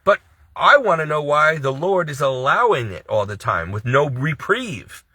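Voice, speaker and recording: A man's voice: on the high side, big pitch swings, moderate pace, sharp tone, slightly rough, dry recording. A man giving an emotional, exasperated to-camera monologue about his faith and troubles, pleading and distressed. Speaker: Catholic video creator.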